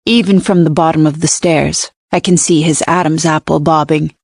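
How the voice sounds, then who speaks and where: Low-voiced woman narrating an audiobook. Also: fairly even intonation, normal speed, darkish tone, no room sound, clean studio sound. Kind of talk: scripted first-person audiobook narration. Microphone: close studio mic.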